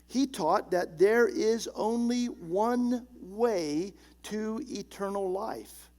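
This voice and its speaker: A man preaching with a high voice and a gravelly edge. He is emphatic, slowing down and sinking low and quiet to stress key words. He speaks as a pastor in the middle of a sermon.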